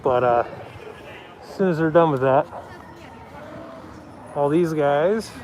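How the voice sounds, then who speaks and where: A man from the Pacific Northwest talks slowly as he films a city street protest on his handheld phone. His live-stream commentary is casual and wandering, often lowered to a quiet voice, while loud crowd noise rings around him.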